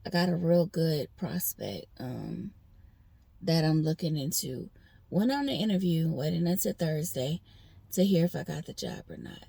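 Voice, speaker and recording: A woman's voice: deep voice, animated, normal speed, creaky, dark tone, husky, dry recording. A woman vlogger venting in a rambling personal monologue, talking straight to her viewers.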